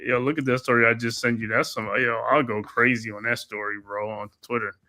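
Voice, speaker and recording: A man calling a basketball game live for a watch-along stream, with a bright, forceful voice at a middling pitch. He mixes quick play-by-play with slangy, excitable chat and flares up whenever a call goes against his team. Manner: excitable, slangy, quick bursts of outrage at calls. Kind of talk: live play-by-play commentary mixed with casual chat.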